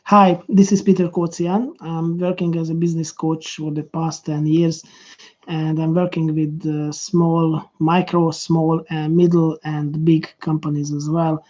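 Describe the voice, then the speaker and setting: A man's voice: fairly high pitch, level tone, measured pace, darkish tone, dull audio. A man with a Hungarian accent, a business coach rehearsing a video introduction to camera, stopping and restarting with many fillers.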